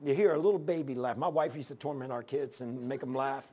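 An older man pastor giving an informal sermon, telling folksy stories with loud exclamations and chuckles. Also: mid-range voice, fast talker.

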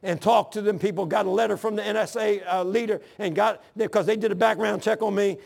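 High, gravelly older man preaching. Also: fairly even intonation, fairly quick, a little mellow. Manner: folksy, earnest storytelling with rough grammar. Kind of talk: sermon with personal testimony. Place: church.

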